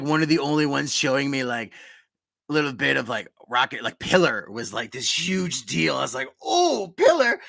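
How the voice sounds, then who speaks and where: Excitable rambling male podcast host. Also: mid-range voice, no echo. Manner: excitable, rambling, quick bursts. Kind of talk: casual live-stream chat.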